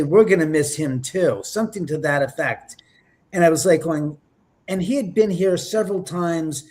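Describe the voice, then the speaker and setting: Animated higher-voiced man telling stories. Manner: lively, acts out quotes with whispers and exclamations. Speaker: paranormal investigator guest. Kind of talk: animated storytelling in an interview.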